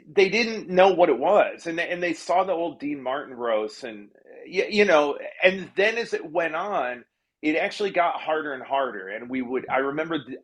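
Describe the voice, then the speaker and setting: A man telling stories as a guest in a casual interview, his voice somewhat higher than most men's. He is chatty and self-deprecating, laughing often and restarting his sentences. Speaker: comedy television writer and guest.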